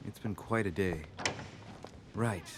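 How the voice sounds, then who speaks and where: A man voicing a reserved young nobleman hero in a video game, with a low-key, understated delivery. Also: slow pace. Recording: loud background noise.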